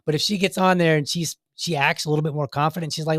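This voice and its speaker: A man's voice: a little high, fairly even intonation, fast talker, hardly any pauses, fairly bright tone, no room sound, clean studio sound. A man hosting a podcast, giving casual, earnest commentary on videos, talking in a rambling way with restarts. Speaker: podcast host.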